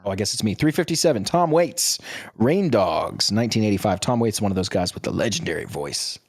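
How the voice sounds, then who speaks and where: A man's voice: lowish voice, lively intonation, fairly quick, no room sound. Wry male podcast co-host, dry sound. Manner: wry, joking remarks. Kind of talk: casual chat. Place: home room by a window.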